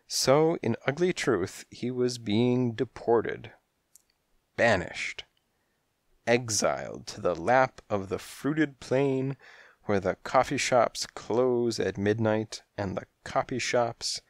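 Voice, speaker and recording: A man's voice: medium pitch, creaky, dry recording. A man narrating a comic detective story in the first person, wry and rhythmic, on a close mic. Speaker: audiobook narrator.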